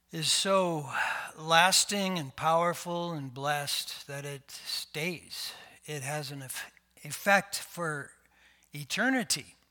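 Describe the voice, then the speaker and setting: Slow, bright-voiced male pastor preaching. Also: a little high. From Canada. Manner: slow, conversational preaching with fillers and rhetorical questions. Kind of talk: sermon.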